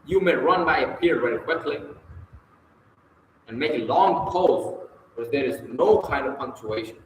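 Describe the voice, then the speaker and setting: Slow, deliberate male reader. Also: mid-range voice, expressive, reverberant, big-room sound, slight background noise, rough recording. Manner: slow, deliberate reading with long pauses, occasional slips. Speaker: reader of a public speaking book. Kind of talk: reading a book aloud with recited verse.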